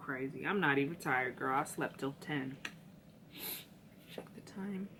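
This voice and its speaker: A woman's voice: very deep voice, measured pace, background noise. A woman giving a casual tarot reading, chatty and slangy, talking straight to her viewers. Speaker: tarot reader.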